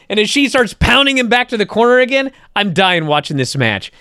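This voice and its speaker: High, lively man gushing excitedly. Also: brisk, slight background noise. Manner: animated, excitable storytelling, acts out moves. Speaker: podcast co-host. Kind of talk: excited wrestling podcast chat. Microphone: close studio mic.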